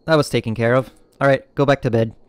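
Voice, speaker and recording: A man giving sweary, animated let's-play commentary as a gaming YouTuber, laughing often. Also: mid-range voice, fast, smooth, faint music behind.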